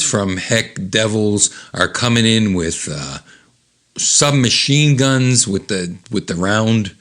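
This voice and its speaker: A man's voice: lowish voice, takes it slowly, fairly bright tone. A man hosting a casual read-aloud, describing comic panels in a rambling, chuckling way with many fillers. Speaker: host reading comics aloud.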